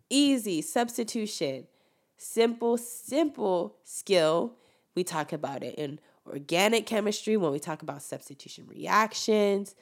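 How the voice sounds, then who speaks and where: A young woman hosting a casual opinion monologue, preaching with emphatic, animated delivery and sudden loud peaks. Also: medium pitch, measured pace.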